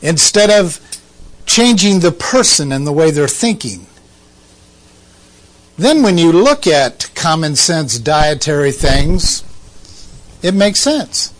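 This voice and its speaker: A man's voice: a little high, big pitch swings, takes it slowly, long pauses. A man giving conversational Bible teaching, asking rhetorical questions and making asides to his listeners.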